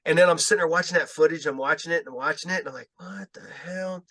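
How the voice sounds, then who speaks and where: A man with a fairly high voice spins loose, profane stories, laughing often and getting animated as he acts out what people said. The sound is close and dry, with no room around it. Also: rapid-fire, no room sound. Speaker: guest filmmaker. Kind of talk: casual storytelling chat.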